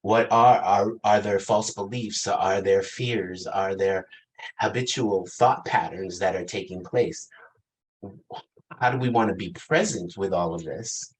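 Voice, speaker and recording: A pastor in his fifties preaches a reflective sermon in a low voice at a measured pace, captured on a low-quality recording. He asks the congregation questions and laughs lightly between thoughts.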